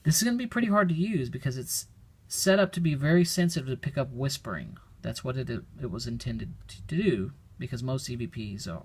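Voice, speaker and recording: A man's voice: mid-range voice, creaky, slightly rough. A man giving a casual how-to demonstration, explaining each step plainly and thinking aloud. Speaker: product demonstrator. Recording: very noisy home recording.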